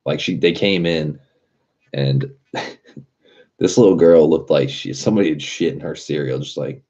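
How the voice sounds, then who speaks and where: Male streamer, very deep mellow voice, profane rambling storyteller. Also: normal speed, muffled recording. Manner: profane, rambling storyteller who laughs at his own stories. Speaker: livestream host. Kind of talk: casual livestream chat.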